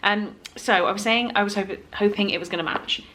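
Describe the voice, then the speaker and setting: A woman's voice: mid-range voice, fairly even intonation, brisk, fairly bright tone, a little hiss or hum. A woman chatting casually in a book vlog at home, rambling with fillers and self-corrections. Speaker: book vlogger. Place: home, indoors.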